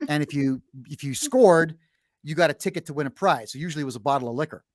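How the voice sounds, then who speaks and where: This brash middle-aged podcast host has a fairly high voice and talks fast, bluntly spinning a long story in casual chat with lots of fillers and restarts. The recording is dry, with clean studio sound.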